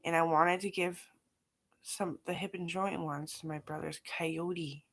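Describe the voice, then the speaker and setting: A middle-aged woman with a lowish voice, rambling through a casual vlog monologue. She swears often and trails off into scattered asides. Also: steady tone, measured pace, a bit bright. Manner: profane, scattered, talks in run-on asides. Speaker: vlogger.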